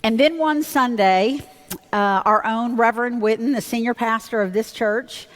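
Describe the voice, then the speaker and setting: A woman's voice: on the high side, moderate pace. Woman pastor preaching in a reverberant church. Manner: candid, conversational storytelling with fillers and self-corrections. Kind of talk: storytelling sermon. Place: church sanctuary. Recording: long reverb of a church hall.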